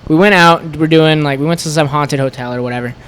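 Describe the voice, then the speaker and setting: A man sits as a podcast guest and tells a long, animated story. His voice sits a little high for a man, and he keeps slipping into the voices of the people in it, stringing everything together with "like.". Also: quick pace, clear, resonant tone. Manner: animated, acts out quoted voices, lots of "like". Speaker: podcast guest, store co-owner. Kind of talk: casual storytelling.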